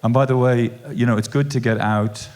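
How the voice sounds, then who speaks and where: An Irish man hosting a live comedy podcast before an audience, with loud, sweary, sardonic banter. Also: medium pitch, steady tone, a little fast.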